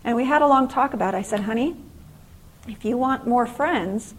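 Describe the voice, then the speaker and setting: A middle-aged woman giving a faith-based motivational class at a conference, telling stories with lively acted-out exclamations. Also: a little high, moderate pace, low-quality recording. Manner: animated storytelling, acting out exclamations. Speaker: conference speaker and author.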